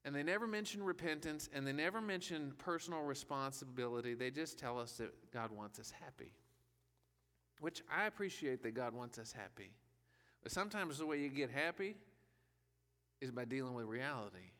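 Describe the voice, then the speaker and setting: A man's voice: medium pitch, animated, normal speed, a bit bright. A male pastor giving a conversational sermon, often checking in with rhetorical questions. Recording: long reverb of a hall.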